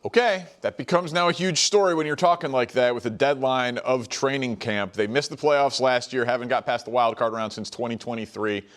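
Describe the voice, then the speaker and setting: A man hosting a sports talk show, who sets up topics and backs his points with statistics in a brisk, analytical way. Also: medium pitch, fairly bright tone. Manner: brisk, stat-heavy and analytical.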